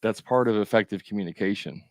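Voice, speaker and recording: Low-voiced man coaching on a livestream. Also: quick pace, darkish tone, no room sound, studio quality. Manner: chatty, talks straight to viewers with joking asides. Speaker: business coach for contractors.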